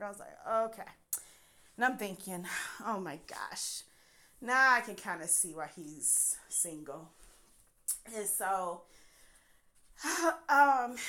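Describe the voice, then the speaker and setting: A woman casually telling a personal story, acting out quoted dialogue with candid, animated delivery. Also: medium pitch.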